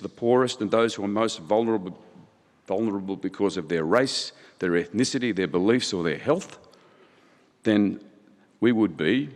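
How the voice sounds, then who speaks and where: A middle-aged man giving an impassioned conference keynote, building his points through rhetorical repetition. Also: low voice. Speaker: keynote speaker. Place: large conference hall. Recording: hall reverb.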